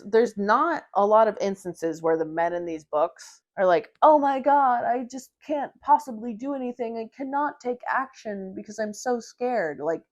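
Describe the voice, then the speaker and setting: A young woman giving a casual, opinionated book review to camera, sarcastic and swearing freely, often mocking characters in exaggerated voices. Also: mid-range voice. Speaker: book vlogger.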